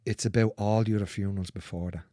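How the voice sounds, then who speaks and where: A man speaking as a guest in a candid conversation, earnest and repetitive, swearing freely and dropping into soft, near-whispered phrases. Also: on the low side, fairly even intonation, quick pace, dry recording, clean studio sound.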